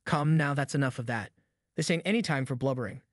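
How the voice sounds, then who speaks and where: A man voicing a vengeful, menacing rough backwoods man, with a cold, threatening drawl, in an audiobook. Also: mid-range voice, fast talker, dry recording, studio quality, lightly acted.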